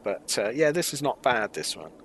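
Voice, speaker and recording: A middle-aged man, talking casually as a co-host in a fan discussion, animated and quick with asides. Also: medium pitch, a little hiss or hum. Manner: animated, quick asides, quotes scenes in put-on voices. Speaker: podcast co-host.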